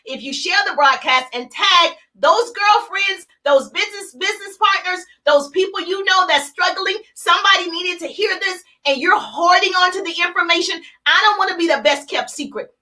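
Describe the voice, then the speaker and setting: A woman's voice: very high voice, normal speed, hardly any pauses, sharp tone. A woman hosting a live motivational business broadcast, talking emphatically and energetically in punchy, repeated phrases. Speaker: host of a business coaching broadcast.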